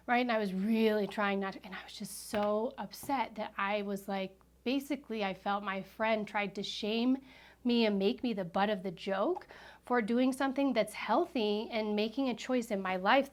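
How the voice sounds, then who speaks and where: A woman in her thirties telling a personal story in a chatty vlog, animated, with frequent fillers and self-corrections. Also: medium pitch. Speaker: vlogger.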